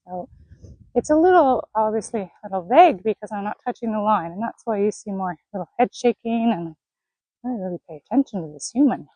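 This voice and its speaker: A woman horse trainer in an outdoor arena, gently praising and coaxing a horse while explaining her training to viewers. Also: mid-range voice, lively intonation, a little fast, slightly rough, no echo, highs cut off.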